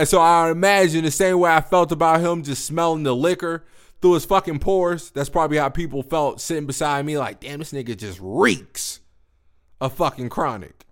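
A young adult man hosting a podcast, telling a profane, slangy story in a casual, animated monologue. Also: mid-range voice, clean tone. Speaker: podcast host.

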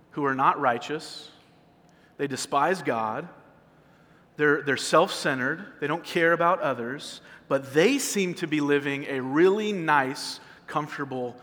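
A man's voice: on the high side, fairly bright tone, big-room sound. A male pastor preaching a sermon in a conversational way, often repeating words as he restarts a phrase. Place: church sanctuary.

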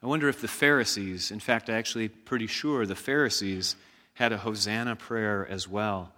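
A man preaching a sermon as pastor, slow and emphatic, leading the congregation in call-and-response shouts. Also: fairly low pitch, in a large hall.

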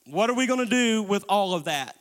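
A man's voice: high-pitched, animated, brisk, a bit bright. A man preaching a sermon as pastor, calling on the congregation to respond. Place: church sanctuary. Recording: long church reverb.

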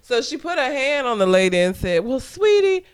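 A man's voice: high-pitched, animated, fairly quick, clear, resonant tone. A man co-hosting a casual chat show, telling stories from work in a blunt, profane way and laughing often. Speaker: podcast co-host.

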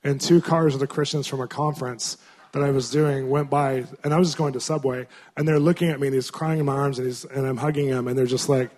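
A man, a Christian minister, telling stories in a sermon in an animated, conversational way. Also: medium pitch, quick pace. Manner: animated, conversational storytelling with frequent laughs. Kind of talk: storytelling sermon.

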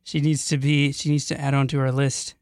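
A man's voice: mid-range voice, little pitch movement, fairly quick, darkish tone, dry recording, studio quality. A man co-hosting a podcast, chiming in with wisecracks during casual banter. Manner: wisecracking interjections. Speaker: podcast co-host.

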